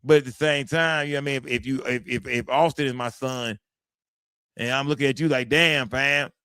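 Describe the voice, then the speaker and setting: A man at a middle pitch hosts a livestream, talking straight to his chat. He speaks emphatically and swears freely. The sound is dry and close, with no room echo. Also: fairly even intonation, brisk, fairly bright tone, clean tone. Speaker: livestream host. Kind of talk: livestream commentary.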